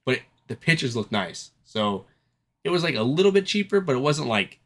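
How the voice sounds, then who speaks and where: A man on a casual podcast rattles off a long anecdote at a rapid clip. He swears freely and slips into the voices of the people he is quoting. His pitch sits right in the middle. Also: sing-song, fairly bright tone. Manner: rambling storyteller who swears freely and acts out quoted people. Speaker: podcast co-host.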